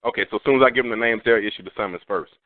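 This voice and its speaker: A man's voice: lowish voice, very fast, dry recording. A man calling in to a radio show, hurriedly explaining his situation and asking questions. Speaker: caller. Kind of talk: phone call-in question. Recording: dry, tinny phone line.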